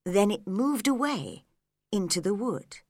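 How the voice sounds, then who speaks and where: A woman reading a storybook aloud as narrator, clear and expressive. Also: mid-range voice, measured pace, no echo, studio quality.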